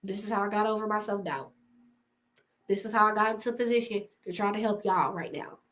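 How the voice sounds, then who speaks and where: A woman's voice: mid-range voice, a little fast, a bit bright. A woman, chatting casually to camera, giving motivational advice to creators, often laughing and calling her viewers y'all.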